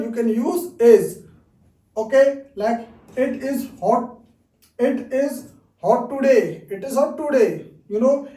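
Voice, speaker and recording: A man teaching a beginners' grammar lesson, patient and slow, repeating each example sentence and saying "okay" often. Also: extremely high pitch, warm tone, echoey room, recorded from a distance, rough recording. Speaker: English teacher.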